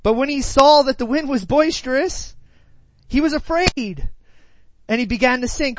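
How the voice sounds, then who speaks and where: A woman's voice: a little high, normal speed, dry recording. A woman preaching, who retells a scripture passage and then teaches it in a conversational way, full of rhetorical questions and "right?" tags.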